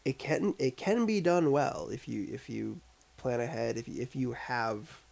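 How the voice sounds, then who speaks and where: A man's voice: medium pitch, a little slow, vocal fry, a little mellow. A man co-hosting a casual podcast chat, reviewing a film in a rambling way full of filler words. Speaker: podcast co-host discussing a film. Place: upstate New York.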